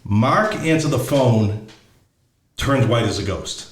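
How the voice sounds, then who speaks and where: A man's voice: mid-range voice, lively intonation, slow pace, roomy sound. A middle-aged man telling a story casually, blunt and profane, often restarting as he searches for words. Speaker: podcast host.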